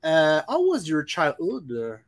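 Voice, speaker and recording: A man from Quebec with a Québécois French accent, a native French speaker hosting a casual podcast interview in eager, halting English. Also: fairly high pitch, wildly swooping pitch. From Quebec, Canada. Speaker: podcast host.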